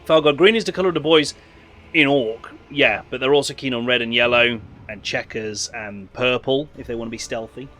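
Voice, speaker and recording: A man hosting a video game session, reading the game's text aloud and chatting in a relaxed, rambling way. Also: mid-range voice, brisk. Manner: relaxed, rambling, full of fillers. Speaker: host.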